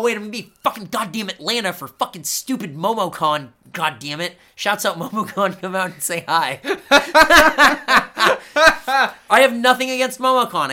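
A man hosting a podcast, ranting in a loud, excitable way, swearing a lot and laughing often. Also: sits high. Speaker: podcast host. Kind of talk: casual podcast chat.

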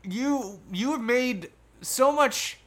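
A man's voice: very high voice, lively intonation, slow pace, a bit bright. A man co-hosting a casual podcast, joking with short, dry replies. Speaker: podcast co-host.

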